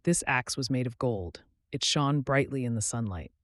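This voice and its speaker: Man with lively storybook narration. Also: mid-range voice, no room sound, clean studio sound. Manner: clear, measured, expressive. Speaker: channel host and storyteller. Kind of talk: scripted story narration for English learners.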